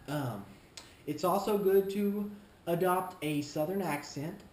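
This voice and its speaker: A man playing a smug, self-important male shoe store clerk in a comedic vlog monologue, talking in a deliberate, condescending way. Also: fairly high pitch, a little mellow, slight background noise, close to an everyday voice. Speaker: shoe store employee character. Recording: roomy echo, faint ambience.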